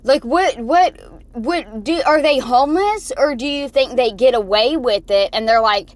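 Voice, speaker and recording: A woman's voice: high-pitched, a little slow, no room sound. A woman vlogger ranting and swearing while she drives, talking into her phone. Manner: swearing, heated and rambling. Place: in a car.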